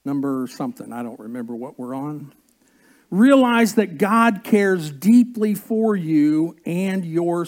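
A man preaching a sermon as pastor, slow and earnest, drawing out key words and coaxing the congregation to join in. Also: medium pitch, darkish tone.

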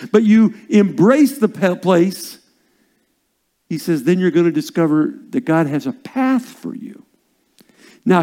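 An older man with a high voice preaches a sermon as a pastor. He swings from loud, stressed phrases down to hushed whispers.

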